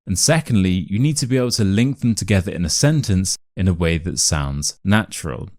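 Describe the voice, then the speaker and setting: Deep-voiced man teaching RP pronunciation. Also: animated, a little mellow, no echo, studio quality. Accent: modern RP English. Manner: clear, deliberate word-by-word enunciation. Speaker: accent teacher. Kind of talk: scripted pronunciation lesson.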